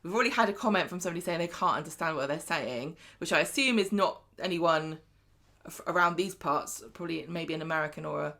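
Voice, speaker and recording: A woman's voice: low voice, fast, fairly bright tone. A woman co-hosting a casual chat show, talking in an enthusiastic, gushing way. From England. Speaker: podcast co-host. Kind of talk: casual chat about a soap opera.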